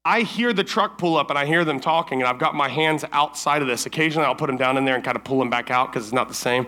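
A man speaking to teens at a summer camp service, telling a story in a casual, animated way and acting out his own lines. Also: mid-range voice, fast. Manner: casual, many fillers like "like" and "right?".

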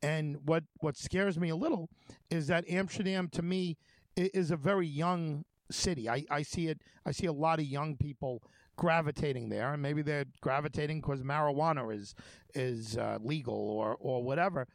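A man's voice: fairly high pitch, normal speed, dry recording. A man hosting a talk show, telling stories in a rambling, conversational way with many fillers and restarts. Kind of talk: casual conversation.

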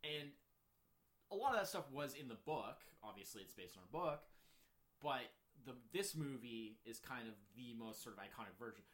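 A man co-hosting a casual film chat, rambling with many fillers and jumping up in pitch when he gets excited. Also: moderate pace. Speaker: co-host ranking films.

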